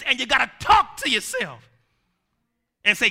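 A male preacher delivering a sermon, emphatic and repetitive, swinging from shouted lines down to low, quiet ones. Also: wildly swooping pitch, measured pace, creaky, pauses often. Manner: emphatic, rising to shouts then dropping low; repeats lines for the congregation to say.

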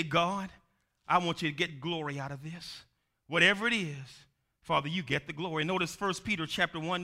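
A male preacher delivering a sermon, emphatic and repetitive, swinging from shouted lines down to low, quiet ones. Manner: emphatic, rising to shouts then dropping low; repeats lines for the congregation to say.

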